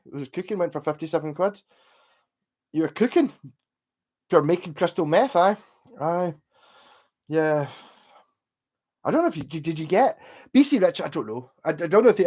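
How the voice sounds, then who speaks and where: A slightly high-voiced man with a Scottish accent chats on a live stream. He has had a few drinks and rambles from one thing to the next, swearing freely in a casual, unpolished way. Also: darkish tone. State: tipsy from drinking.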